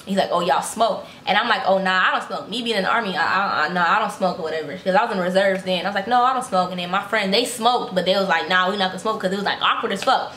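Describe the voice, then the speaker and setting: A young adult woman telling a casual storytime vlog, animated, acting out quotes in high voices and swearing freely. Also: fast talker, few pauses. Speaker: vlogger. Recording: echoey room, faint background noise.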